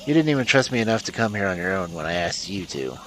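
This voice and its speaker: A man's voice: on the low side, very animated, fast, fairly bright tone, slight background noise. A man reading the lines of a furious, swearing young woman activist in a story game. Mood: angry. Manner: spitting, swearing.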